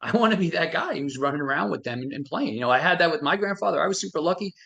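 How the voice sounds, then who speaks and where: A man's voice: on the high side, lively intonation, very fast, gravelly, fairly bright tone. A middle-aged man, a frequency medicine expert, telling stories animatedly with many restarts on a live stream. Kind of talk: motivational talk on a live stream.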